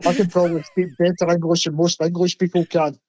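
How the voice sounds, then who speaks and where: A man's voice: high-pitched, level tone, fast talker, a little mellow, no echo. A Scottish man, a podcast correspondent, chatting bluntly and telling stories in a casual talk. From Scotland. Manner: blunt, storytelling. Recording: dull lo-fi line.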